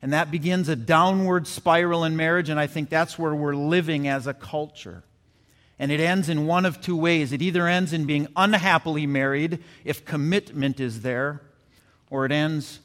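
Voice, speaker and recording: A man's voice: a little high, fairly bright tone. Preaching man in a reverberant sanctuary. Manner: earnest preaching with repeated phrases and audience asides. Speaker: pastor. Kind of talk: sermon. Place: church sanctuary. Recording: long church reverb.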